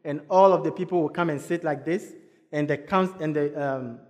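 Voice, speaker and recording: A man's voice: a little high, moderate pace. A Ghanaian man telling a personal story to an audience, acting out each voice. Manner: animated, acts out dialogue. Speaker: speaker. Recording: long hall reverb.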